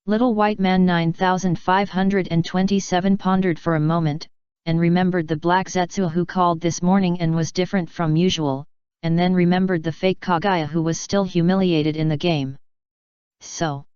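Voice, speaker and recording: A woman narrating a fan fiction audiobook in a steady, even reading. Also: lowish voice, normal speed, clean tone, no room sound, dull audio.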